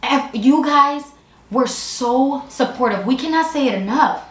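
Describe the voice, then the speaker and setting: A mother co-hosting a family vlog, telling the story in an excitable, animated way. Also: sits high, unhurried. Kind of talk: casual chat. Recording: echoey room.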